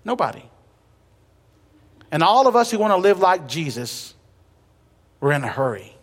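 A man's voice: fairly high pitch, big pitch swings, normal speed. Man preaching in a reverberant hall. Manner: conversational preaching with humor and emphatic repetition. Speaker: pastor. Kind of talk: sermon. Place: church sanctuary. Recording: long reverb of a church hall.

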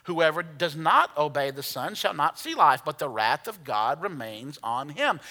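A man's voice: sits high, bright, forceful tone, big-room sound. A male pastor preaching a sermon, playful as he leads the congregation through Bible verses from the platform. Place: church sanctuary.

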